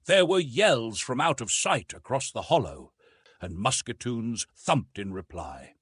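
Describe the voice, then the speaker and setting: Husky, animated male storyteller. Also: a little slow, no room sound, clean studio sound. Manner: animated storytelling with lively rises in pitch. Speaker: audiobook narrator. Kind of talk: scripted narration of a science fiction story.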